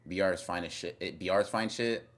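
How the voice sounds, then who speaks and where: A man's voice: sits low, a little fast. A young man streaming live, reading chat and teasing viewers in a rambling, casual way with lots of fillers and repeated words.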